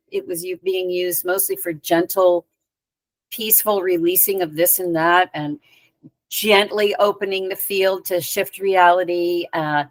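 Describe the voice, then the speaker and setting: Woman guest recounting an anecdote, chatty and lively, recorded dry and close. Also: mid-range voice, no echo. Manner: lively anecdotal telling with conversational asides. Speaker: spiritual teacher and guest. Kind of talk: storytelling in a podcast interview.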